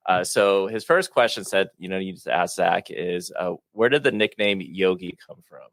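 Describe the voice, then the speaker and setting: A man hosting a podcast interview, asking questions in a relaxed, easy-going way. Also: low voice, normal speed, creaky, no room sound. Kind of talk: casual interview chat.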